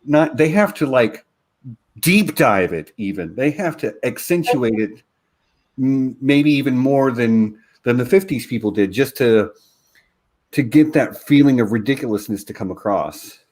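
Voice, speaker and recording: A man in a casual fan discussion who makes his points in a measured, analytical way. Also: medium pitch, expressive, a little mellow. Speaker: podcast panelist.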